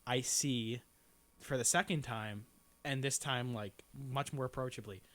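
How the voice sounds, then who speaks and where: A man's voice: mid-range voice, measured pace, a bit bright. A young man, a podcast guest, telling a story in casual chat, rambling and full of "like" and swearing. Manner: rambling, lots of "like", swears freely.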